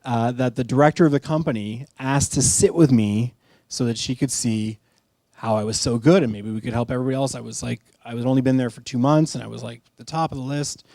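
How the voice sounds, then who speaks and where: A middle-aged man shares his own story at a live storytelling night, talking in a candid, conversational way and often making fun of himself. His voice is warm and mellow, and the sound is close and dry. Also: mid-range voice, a little fast, vocal fry, no echo. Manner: candid, conversational, self-deprecating. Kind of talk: personal storytelling talk.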